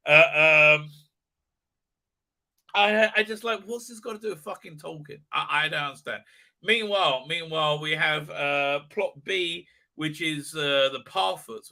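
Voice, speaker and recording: A man's voice: on the high side, creaky, bright, forceful tone, rough recording. A man hosting a livestream, ranting crudely and profanely, rambling with constant filler sounds. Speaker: channel host. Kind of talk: livestream commentary rant.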